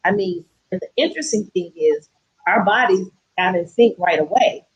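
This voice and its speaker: A woman from Atlanta with a Southern accent, telling a lively travel story as a guest and acting out the voices of people she quotes. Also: lowish voice, normal speed, husky, muffled recording. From Atlanta, USA. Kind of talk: casual storytelling.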